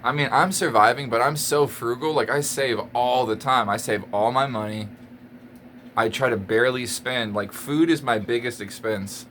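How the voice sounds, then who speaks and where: A man's voice: mid-range voice, steady tone, normal speed, a bit bright, slight background noise. A man vlogging a casual rant to camera, exasperated and emphatic, often repeating his points and laughing between lines.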